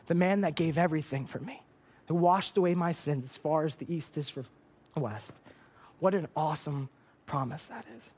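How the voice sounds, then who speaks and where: A young man preaching a sermon from a church stage, earnest and emotional, often repeating words as he is moved. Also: fairly high pitch.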